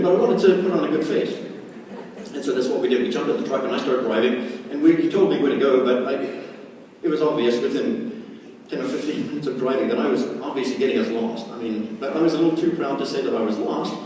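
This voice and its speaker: A man giving an energetic motivational talk at a sales meeting, acting out quoted voices and laughing often. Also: mid-range voice, fast talker. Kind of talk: motivational stage talk with anecdotes. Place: large meeting hall. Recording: echoey hall mic from far off, noisy.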